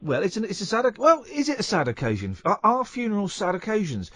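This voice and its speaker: Man, radio host, teasing and jokey, animated pitch, dry studio sound. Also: no echo. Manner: playful, teasing, quick to joke. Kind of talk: casual radio chat.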